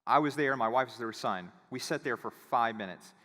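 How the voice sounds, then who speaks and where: A man giving a conference talk, telling a casual, animated story and acting out the voices of the people in it. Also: medium pitch, brisk. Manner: animated, acts out quoted voices. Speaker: conference speaker. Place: conference hall. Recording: reverberant hall.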